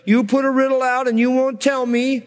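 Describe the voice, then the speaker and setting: A man's voice: very high-pitched, level tone, normal speed, pitched above the performer's own voice. A man voicing a tearful young bride who whines and nags her husband, in a reverberant hall. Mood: whining. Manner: whiny, pleading.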